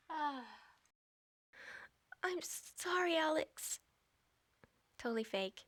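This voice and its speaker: A woman's voice: high-pitched, expressive, drawn-out words, a bit bright. A woman co-hosting a game stream, giggling and apologizing between lines. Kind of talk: casual stream chat.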